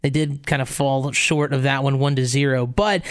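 Man, sports show host, smooth clear tone, informative, runs through schedules and scores. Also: medium pitch, fairly even intonation, normal speed. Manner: informative, reads off stats and schedules. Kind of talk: sports talk, previewing games.

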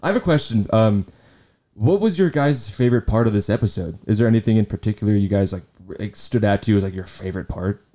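A man's voice: on the low side, quick pace, mellow. A man co-hosting a casual podcast, asking questions in a hesitant, searching way. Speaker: podcast co-host.

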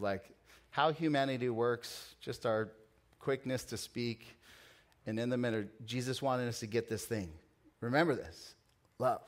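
A pastor delivering a sermon, animated and swinging between loud emphasis and hushed prayer. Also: male voice, mid-range voice.

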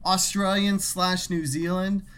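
Animated, foul-mouthed podcast co-host man. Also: sits high, measured pace, clean tone. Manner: animated, profane storyteller. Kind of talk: casual podcast banter.

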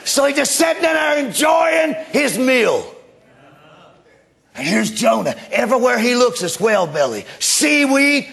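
A male preacher delivering an animated sermon that swings between hushed and shouted lines. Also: very high-pitched, measured pace, vocal fry, slightly rough.

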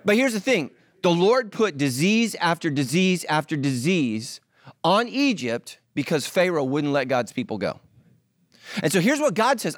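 A middle-aged male pastor preaches with a lively, swinging voice that jumps high and drops low. He mixes teaching with playful asides to his congregation. The sound is close and dry. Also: unhurried, no room sound. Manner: animated, joking asides to the congregation. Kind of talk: sermon.

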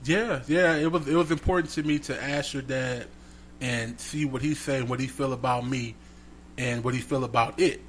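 Speaking at a moderate pace in a mid-range voice, a man co-hosting a podcast recounts a story casually and animatedly, performing the voices of its characters. There's slight background noise.

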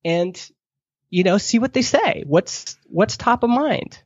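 Animated man acting out quotes. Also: takes it slowly, slightly rough, dry recording. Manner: acts out quoted questions, pitch jumping up. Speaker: podcast guest, product marketer. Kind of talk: animated advice-giving in conversation. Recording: dull lo-fi dry sound.

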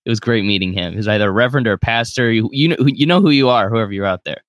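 A man's voice: lowish voice, racing, no room sound, studio quality. A man co-hosting a fan podcast, rambling and joking in casual chat. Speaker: podcast co-host.

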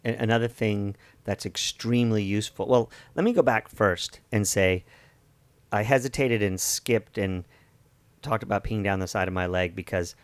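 A coach with a fairly low voice talks reflectively in a casual chat, often breaking off and restarting his phrases. His voice is close and dry. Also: moderate pace, clear, resonant tone, dry recording.

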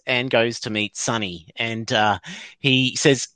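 A man's voice: medium pitch, level tone, measured pace, sharp tone, clean tone, dry recording. A man hosts a casual chat, recapping an episode in a rambling way and chuckling as he goes. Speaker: podcast host.

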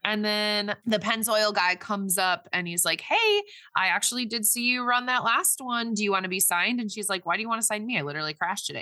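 A woman's voice: mid-range voice, a little fast, pushed and bright, dry recording. A woman casually retelling a movie plot in a chatty podcast conversation, rambling with lots of fillers and restarts. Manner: rambling, filler-heavy retelling with quoted voices. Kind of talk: casual movie recap chat.

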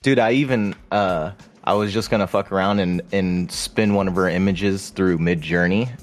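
A man's voice: sits low, fairly even intonation, normal speed, soft background music. A man co-hosting a podcast, talking in a laid-back, slangy casual chat. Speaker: podcast co-host.

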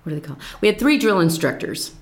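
An older woman, a former Marine, telling stories from her service in an animated, laughing conversational way. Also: mid-range voice, fast talker, roomy sound. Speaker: veteran telling her story. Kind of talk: casual storytelling chat.

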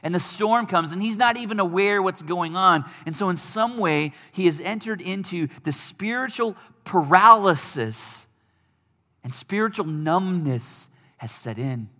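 A man's voice: high voice, animated, measured pace, pushed and bright, in a large hall. A man preaching a sermon in a conversational way, lifting his voice when he acts out pleading quotes.

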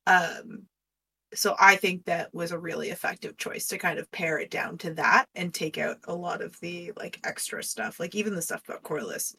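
A woman co-hosting a podcast, chatting in a relaxed, thoughtful way and laughing easily. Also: fairly low pitch, normal speed, creaky, breathy edge, distant mic. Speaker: podcast co-host. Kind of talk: casual podcast chat.

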